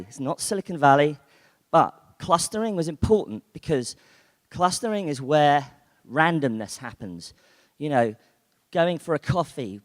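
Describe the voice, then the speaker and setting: A man giving a chatty conference keynote, full of fillers and restarts. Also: on the high side. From United Kingdom. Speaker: conference speaker. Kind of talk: keynote talk. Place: conference hall. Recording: long hall reverb.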